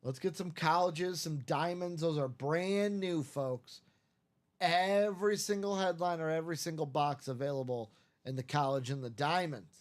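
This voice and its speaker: A man's voice: fairly high pitch, moderate pace. A man hosting a live card-break stream in a casual, joking chat about games and bets.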